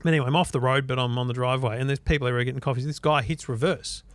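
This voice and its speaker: Fast-talking Australian man telling a story. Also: medium pitch, no room sound. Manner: animated, acts out quotes loudly. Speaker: podcast co-host. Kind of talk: casual chat, storytelling.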